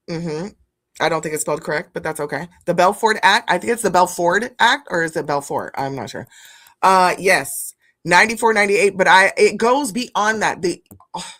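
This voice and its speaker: A woman streaming live, reacting to news clips and chatting with her viewers, blunt and profane, calling them "family". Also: medium pitch. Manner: animated, blunt, profane, talks to chat as "family". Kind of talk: live-stream commentary chat.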